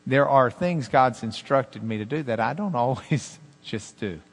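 A man preaching a sermon as pastor, animated, with swings between loud emphasis and hushed asides. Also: mid-range voice, measured pace, big-room sound.

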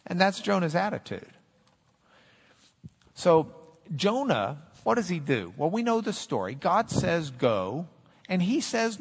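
A man preaching a sermon, animated, quoting scripture in dramatic voices. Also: sits high, takes it slowly, breathy edge. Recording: long hall reverb.

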